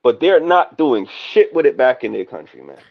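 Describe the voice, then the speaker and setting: A man's voice: mid-range voice, very animated, moderate pace, creaky, dull audio. A man in a casual chat, ranting bluntly and often tagging his lines with "man". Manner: blunt, rants, says "man" a lot.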